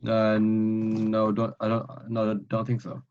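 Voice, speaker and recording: Low-voiced guy, hesitant student, lo-fi call sound. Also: completely flat delivery, measured pace, darkish tone. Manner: hesitant, many fillers and restarts. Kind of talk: casual chat. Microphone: video call. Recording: dull lo-fi call audio.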